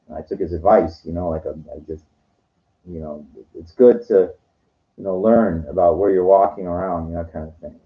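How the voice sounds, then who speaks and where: A man telling meandering personal stories, filled with "you know" and often trailing off quietly. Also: sits low, fairly even intonation, moderate pace, lo-fi sound. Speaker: vlogger. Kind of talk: rambling personal storytelling. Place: lives in Los Angeles.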